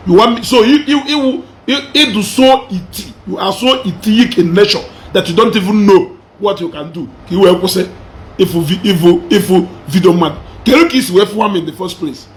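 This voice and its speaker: A man with a Nigerian Igbo accent, switching between Igbo and English in a mocking, combative commentary, hammering the same phrases over and over. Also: sits high. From southeastern Nigeria. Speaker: social media commentator.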